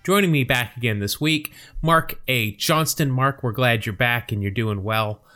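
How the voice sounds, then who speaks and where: A man's voice: medium pitch, normal speed, bright, forceful tone, faint music behind. A man co-hosting a podcast in a casual, upbeat chat, laughing easily. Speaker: podcast co-host.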